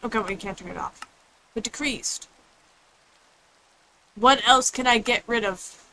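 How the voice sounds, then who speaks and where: A woman's voice: on the high side, unhurried, bright, forceful tone, dry recording, rough recording. A woman streaming a game, chatting casually in a rambling way and answering chat. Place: home room with others nearby.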